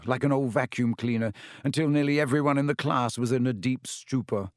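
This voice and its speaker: An audiobook narrator, male, reads a story aloud in a steady, scripted style. His voice sits in the mid range, and the studio recording is clean with no room sound.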